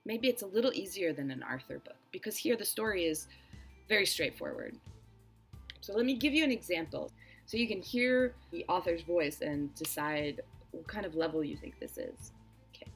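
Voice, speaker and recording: A woman teacher talks other teachers through a children's book, unhurried and explanatory. Her voice sits on the lower side, and she reads the narration aloud in the same plain tone. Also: very animated, creaky, husky, soft background music, low-quality recording. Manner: friendly, explanatory, slow and careful. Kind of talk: book review with read-aloud.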